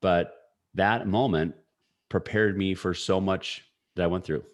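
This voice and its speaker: A man in his forties telling a personal story as a podcast guest, energetic and full of fillers. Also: low-pitched, measured pace. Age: 40s. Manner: energetic, story-driven talk with frequent fillers. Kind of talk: casual storytelling.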